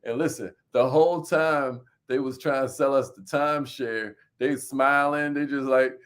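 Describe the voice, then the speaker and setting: A man hosting a motivational talk, lively and emphatic, calling out to his audience like a preacher and repeating his key points. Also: mid-range voice, unhurried, clear, resonant tone. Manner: preacher-like call-and-response with the audience. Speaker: motivational host.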